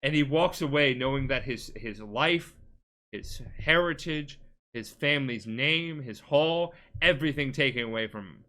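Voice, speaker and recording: A man's voice: mid-range voice, moderate pace, pushed and bright. A tipsy man rambling through a game plot on a casual podcast, full of filler words and restarts. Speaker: podcast co-host.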